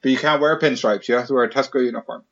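A man's voice: mid-range voice, fairly even intonation, racing, dull audio. A man hosting a podcast, chatting in a jokey way and summing up the topic. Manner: jokey, asks questions and sums up. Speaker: podcast host. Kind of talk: casual chat.

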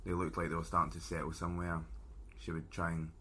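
Scottish guy, low flat voice but bright, laid back guest chat. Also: fast talker. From Scotland. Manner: easygoing, laughs often. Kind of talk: casual chat.

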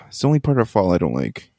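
A man's voice: low-pitched, huge pitch swings, fairly quick, darkish tone. A young man co-hosting a podcast, joking and teasing in casual chat and laughing often. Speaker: podcast co-host.

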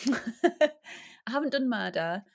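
A woman's voice: fairly high pitch, expressive, slow pace. A woman from England, a podcast guest, chatting casually and giggling often. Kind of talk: casual chat.

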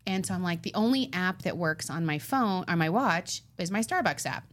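A middle-aged woman co-hosting a chat show, retelling a story with animated, acted-out quotes. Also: lowish voice, normal speed. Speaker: podcast co-host.

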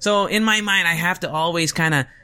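A man's voice: sits high, a little fast, pushed and bright, clean tone. A male event host chatting casually to his viewers, switching between English and Tagalog and swearing freely. He did not grow up in the Philippines, and Tagalog is not his first language. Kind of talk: casual chat to camera.

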